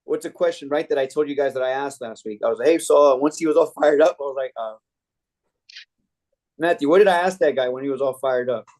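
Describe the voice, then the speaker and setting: A man leading a sales training meeting, telling a sales story with lively energy. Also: mid-range voice, fast. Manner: energetic storytelling, acting out customer quotes. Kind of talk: team training talk.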